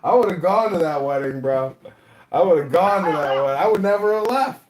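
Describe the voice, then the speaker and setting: A man's voice: a little high, animated, moderate pace. A man in a casual phone chat, crude and joking, laughing often. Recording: echoey room with faint noise.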